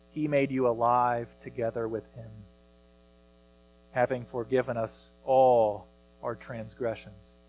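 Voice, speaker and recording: A man in his thirties preaching a sermon as pastor, earnest, rising loud when he reads scripture. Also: medium pitch, rough recording.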